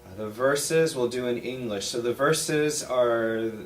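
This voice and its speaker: Slow, patient male choir teacher. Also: mid-range voice, a little hiss or hum. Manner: patient, explains pronunciation step by step. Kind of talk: rehearsal instruction.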